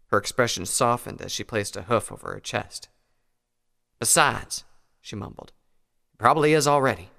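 Gravelly male storybook narrator, reverberant. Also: lowish voice, fairly bright tone. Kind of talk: fan fiction audiobook narration. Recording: long hall reverb.

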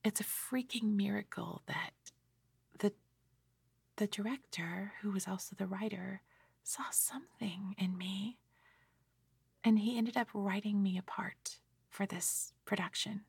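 A tired middle-aged woman in a soft, rambling, gently self-mocking whispered ASMR ramble, close to the microphone. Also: medium pitch, a little slow, vocal fry, slightly rough, no room sound. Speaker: ASMR creator.

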